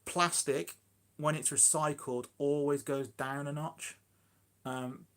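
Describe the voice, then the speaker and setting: A man's voice: fairly high pitch, steady tone, slow pace, a bit bright. A man chatting casually on a phone live stream about his allotment, rambling and self-deprecating. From Shropshire, England.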